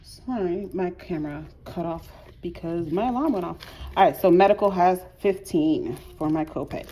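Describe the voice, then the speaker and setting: A woman's voice: fairly low pitch, moderate pace, dark tone. A woman chatting casually through her budget at home, a bit wheezy, peppering her talk with "like" and restarting sentences. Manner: chatty, frequent filler "like", self-correcting restarts. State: slightly wheezy. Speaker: budgeting vlogger.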